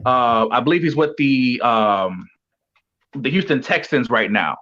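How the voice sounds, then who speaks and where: A man's voice: mid-range voice, measured pace, bright, forceful tone. Rambling man with dull lo-fi audio. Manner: rambling, heavy with "you know" fillers. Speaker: guest, coach and former pro football player. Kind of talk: casual storytelling.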